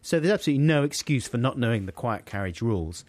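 A man spins a comic anecdote with a very lively, swooping pitch. He switches into character voices as he goes, animated and expressive. The sound is dry and close, with no room around it. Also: fast talker, dry recording. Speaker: podcast co-host telling a story. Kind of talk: comic storytelling.

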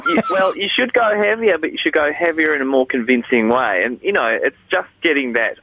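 A man's voice: fairly high pitch, wildly swooping pitch, brisk, few pauses, sharp tone, husky, lo-fi sound. A man working as an accent coach, explaining things in a hesitant way with frequent fillers during a casual radio chat.

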